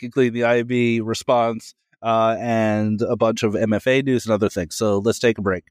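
A man's voice: medium pitch, fairly even intonation, dry recording. Sex: man. Role: host. Sound: dry. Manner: brisk, plain-spoken summarizing. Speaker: podcast host. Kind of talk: casual interview chat.

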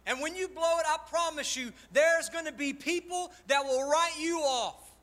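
High, bright-voiced preaching man. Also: normal speed. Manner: impassioned, personal testimony, swings loud and soft. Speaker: pastor. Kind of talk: sermon. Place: church sanctuary.

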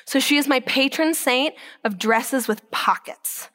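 A woman giving an inspirational Catholic talk who tells stories with energy, drops to a whisper for emphasis and slows down on key words. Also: high-pitched, fairly bright tone. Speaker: Catholic speaker.

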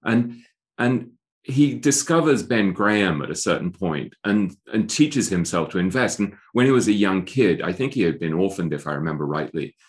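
Deep-voiced man, thoughtful author guest. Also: lively intonation, normal speed. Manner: thoughtful, with frequent restarts. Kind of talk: interview conversation.

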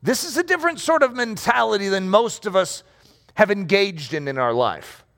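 A middle-aged male pastor preaching a playful sermon, acting out scenes and shouting for effect. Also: high-pitched, animated, moderate pace. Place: room with rows of chairs.

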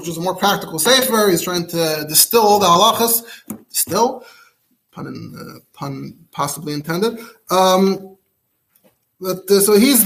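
A man teaching a rabbinic law class, reading Hebrew sources aloud and explaining them in quick, animated English. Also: high-pitched. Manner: fast and animated, mixing English with Hebrew text. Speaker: rabbi giving a Talmud class. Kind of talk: Torah class lecture.

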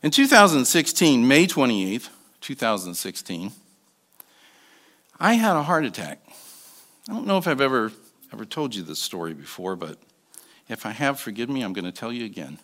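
A man in his sixties preaching as a guest speaker, telling a personal story with soft asides and emphatic bursts. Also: medium pitch, very animated, normal speed, pauses often. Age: 60s. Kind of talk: sermon.

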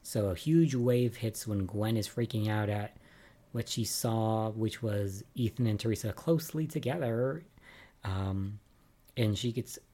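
A man's voice: on the low side, mellow. A man giving a casual, chatty recap of soap opera episodes, with lots of "um" and "like" and amused asides.

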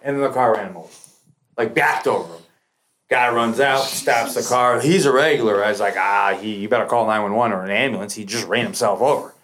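A man's voice: fairly low pitch, a little fast. A man, a podcast guest telling a long story casually, with lots of swearing and acted-out quotes. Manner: profane, animated, acts out quoted lines.

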